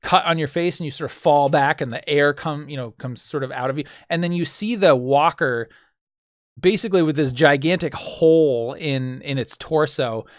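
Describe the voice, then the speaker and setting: A man's voice: fairly high pitch, normal speed, no room sound, studio quality. A man running a tabletop game as game master, describing scenes vividly and making sound effects with his mouth.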